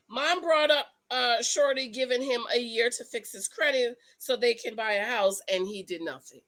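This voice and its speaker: A woman's voice: fairly high pitch, a bit bright, rough recording. A woman giving sassy, emphatic recap commentary on a reality show, talking straight to her viewers and repeating her points for effect.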